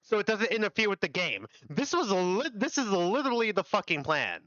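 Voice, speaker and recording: A young man reacting out loud to a story game, animated and cursing, his voice swinging lively up and down. He sounds bright on a dry, dull home desk mic. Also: high voice, fairly quick, no echo. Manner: animated, swearing, laughing. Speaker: streamer reading a fan visual novel. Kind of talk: casual reaction chat.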